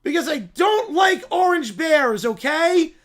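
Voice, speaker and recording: A man's voice: very high-pitched, animated, takes it slowly, a bit bright, pitched above the performer's own voice, exaggerated voice. A man doing a whiny bratty bear cub. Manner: whiny, petulant outbursts. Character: whiny four-year-old boy bear cub, bratty. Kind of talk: comedic voice acting of donated scripts.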